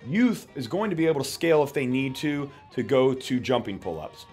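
A man coach explaining workout standards for a fitness competition in a steady, instructional way. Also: mid-range voice, a little fast, faint music behind.

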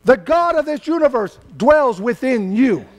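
Older california preacher guy, really high voice, chatty sermon that gets loud and shouty. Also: very animated, a little slow, faint music behind. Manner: loose, conversational preaching that swells into emphatic shouting. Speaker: pastor.

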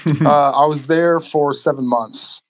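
A man telling stories casually on a podcast as a guest, animated and profane, acting out the people in his stories. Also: fairly high pitch, takes it slowly. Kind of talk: casual storytelling.

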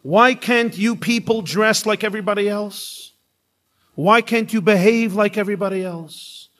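A man voicing an indignant woman who scolds a stranger in an exasperated, shrill way. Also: animated, measured pace, creaky, sharp tone, heavily acted. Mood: scolding.

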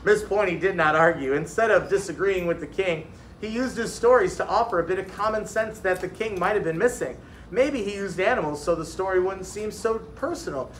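Animated man reading a story aloud. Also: high-pitched, brisk, roomy sound, a little hiss or hum. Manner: animated, voicing classroom characters. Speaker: reader of a children's book.

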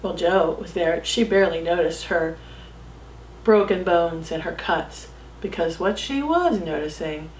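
A woman telling a missionary story to children, with dramatic shifts from loud calls to soft whispers. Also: lowish voice, animated, a little slow, roomy sound, a little hiss or hum, low-quality recording. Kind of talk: storytelling narration.

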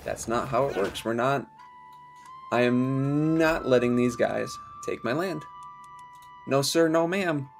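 A man streaming a strategy game, talking excitedly to himself and his chat, urging his troops on in frantic bursts. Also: mid-range voice, slow, gravelly, music in the background. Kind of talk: live strategy game commentary.

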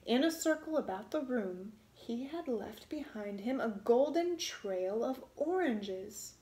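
High-voiced woman reading a storybook aloud. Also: echoey room. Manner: expressive, relishes sound words.

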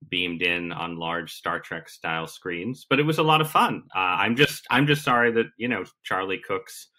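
A man's voice: low voice, lively intonation, normal speed, sharp tone. A man being interviewed as a guest columnist, talking casually with wry, self-deprecating humor.

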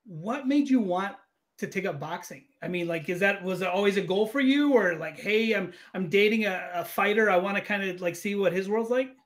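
A man's voice: high-pitched, a little fast. A man hosting a casual interview who reads out questions sent in by listeners. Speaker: host.

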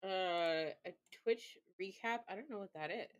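A woman's voice: medium pitch, moderate pace. A woman live streamer chatting casually to herself, rambling with lots of fillers and swearing. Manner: rambling self-talk with frequent swearing and fillers.

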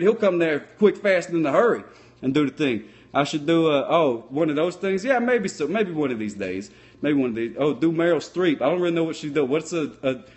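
A man playing a dim, cheerful sock puppet cop, rambling in a folksy, deadpan way and mangling his words in improvised puppet comedy. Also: fairly high pitch. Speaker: sock puppet comedian answering live chat.

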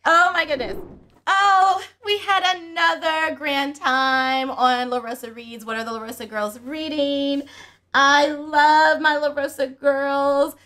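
A middle-aged woman hosting a family book channel, chatting and retelling a story in an animated way. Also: high-pitched, takes it slowly. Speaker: book channel host and mother. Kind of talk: casual family chat.

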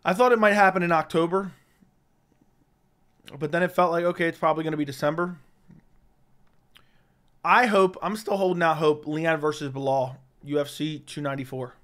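A man with a fairly bright, a-little-high voice chats outspokenly on his MMA commentary livestream. His voice comes across worn out and strained from long stretches of talking.

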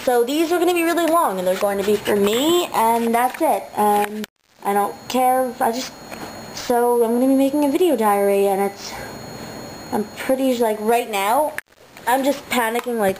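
A woman's voice: on the high side, normal speed, darkish tone, a little hiss or hum, rough recording. A nineteen-year-old woman rambling through a casual video diary at home, swearing freely and wandering off on tangents. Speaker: vlogger. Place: home, indoors.

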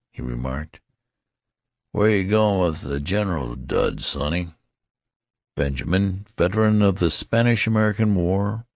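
A man reading an audiobook aloud in a lively, expressive way. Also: low voice, vocal fry, no echo, clean studio sound. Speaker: audiobook narrator. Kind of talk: scripted audiobook narration.

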